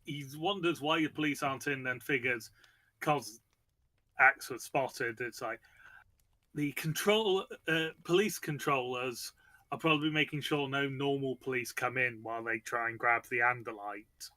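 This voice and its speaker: A man's voice: mid-range voice, measured pace, sharp tone. A man hosting a casual book chat, rambling with many fillers and restarts. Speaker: podcast host discussing a book.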